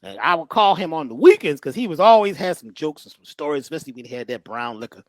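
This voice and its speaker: A man speaking as a guest in animated storytelling talk that is folksy and joking. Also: a little high, fast talker, no room sound. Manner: lively, joking, preacherly, folksy.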